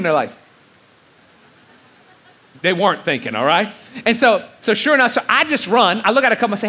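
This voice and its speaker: A man preaching a sermon, telling a story in an animated way, loud one moment and quiet the next. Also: sits high, quick pace, long pauses. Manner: animated, with big swings of loudness. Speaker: pastor.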